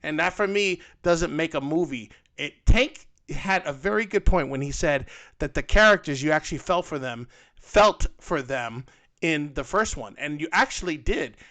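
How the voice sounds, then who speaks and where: Bright-voiced, rambling male co-host. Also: fairly high pitch, moderate pace. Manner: rambling, animated, with many fillers and restarts. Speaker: co-host of a fan podcast. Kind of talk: casual panel chat.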